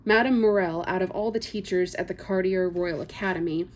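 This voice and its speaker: A woman's voice: lowish voice, a little fast. A woman reading a first-person novel excerpt aloud, with small slips and casual asides. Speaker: book reader.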